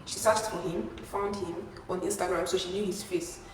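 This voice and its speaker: A young woman tells a story to her vlog audience, lively and expressive, leaping up in pitch whenever she mimics someone. Her voice carries a strong echo and sits at a distance from the mic, with a faint hiss behind it. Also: moderate pace. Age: young adult. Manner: animated, acting out quotes with sudden pitch jumps. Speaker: vlogger. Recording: echoey room, far from mic, faint hiss.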